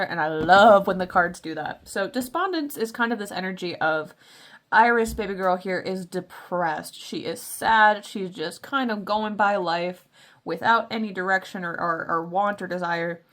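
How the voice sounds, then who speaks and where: A woman's voice: medium pitch, a bit bright. A woman giving a casual tarot and crystal reading in a playful, chatty way, calling her listeners baby. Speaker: tarot reader.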